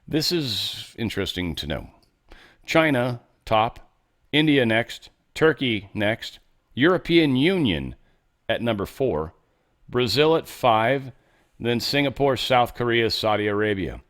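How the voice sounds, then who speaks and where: A man's voice: mid-range voice, sing-song, slow, a bit bright. A man hosting a casual news commentary show, reading headlines with sarcastic, offhand asides. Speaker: host.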